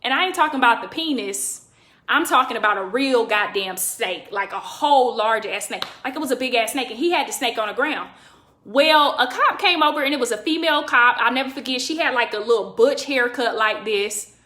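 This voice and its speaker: A woman from California telling a story casually and profanely on a livestream, acting out quotes with big jumps in pitch. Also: animated, brisk, sharp tone, echoey room.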